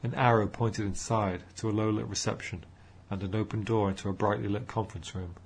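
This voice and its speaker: A man narrating an audiobook in a measured storytelling manner. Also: lowish voice, steady tone, vocal fry, husky.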